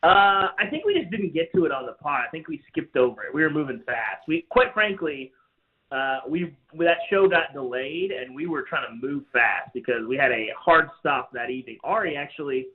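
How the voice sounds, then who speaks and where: At a moderate pace, a man with a fairly high, breathy-edged voice chats casually as a phone-in guest on sports radio. He's wry and talkative, laughs at his own jokes, and the call comes through tinny.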